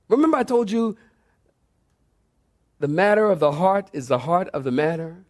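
A man preaching a sermon, telling the story in an animated way that swings between excited and low, emphatic delivery. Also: moderate pace. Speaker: pastor.

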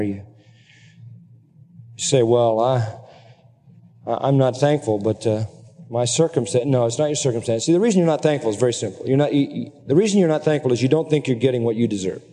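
A man's voice: fast talker, mellow. Earnest male preacher in a reverberant hall. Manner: earnest, emphatic, rising to high-pitched exclamations. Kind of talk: sermon.

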